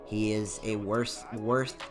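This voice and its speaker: A young man with a lowish voice talks through a baseball video game match in a loose, chatty way. He drops to quiet mutters, then jumps up in pitch and volume when a play goes his way or against him. Faint game music plays underneath. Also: takes it slowly. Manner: excitable, swings from mumbled asides to loud outbursts. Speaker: gaming YouTuber. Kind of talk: casual gameplay commentary.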